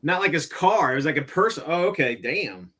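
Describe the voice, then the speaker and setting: Profane, animated man telling a story. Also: a little high, brisk, husky. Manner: profane, animated, acts out angry quotes. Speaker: stream host. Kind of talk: casual storytelling chat.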